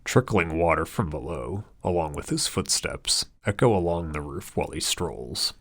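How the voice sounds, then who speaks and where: A man narrating an audiobook in a steady, descriptive storytelling manner. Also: low-pitched, moderate pace, hardly any pauses, no echo. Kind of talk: scripted narration.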